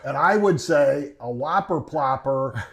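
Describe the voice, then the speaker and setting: A man's voice: mid-range voice, lively intonation, slightly rough. A man from the Buffalo area in Western New York, hosting a casual fishing interview with easy enthusiasm. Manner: enthusiastic, quick to laugh. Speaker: interview host.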